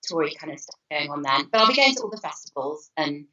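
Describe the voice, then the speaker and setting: A chatty woman author tells stories with animation as an interview guest. Her voice is bright and forceful, and it comes through a dull, lo-fi call from some distance off the mic. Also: low-pitched, animated, fast. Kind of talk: casual interview chat. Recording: muffled distant call audio.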